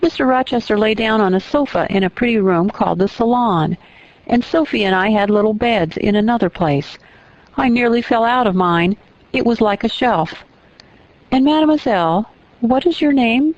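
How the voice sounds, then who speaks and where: A woman voicing an excitable little French girl who chatters quickly, with a French accent. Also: a little high, dry recording, muffled recording, lightly acted. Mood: chattering.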